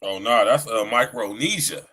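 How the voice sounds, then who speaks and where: A man's voice: fairly low pitch, normal speed, bright, forceful tone, slightly rough. A middle-aged man hosting a podcast livestream in a casual, slangy chat style, often saying "you know what I'm saying.". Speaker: podcast host.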